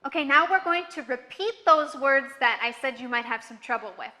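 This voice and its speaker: A woman with an American accent teaching pronunciation in an online lesson, speaking clearly, patiently and encouragingly. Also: sits high, lively intonation, fairly quick, sharp tone, big-room sound. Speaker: accent trainer.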